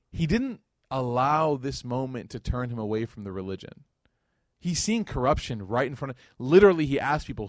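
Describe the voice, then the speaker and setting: Man giving an animated religious lecture. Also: fairly high pitch, dry recording, studio quality. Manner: animated storyteller, acts out quoted speakers, addresses audience directly.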